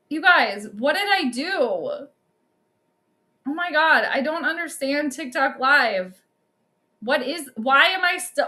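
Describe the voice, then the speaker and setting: A young woman hosting a livestream, giving chatty and excitable commentary on a basketball game straight to her viewers. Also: sits high, a little slow. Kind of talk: casual live commentary.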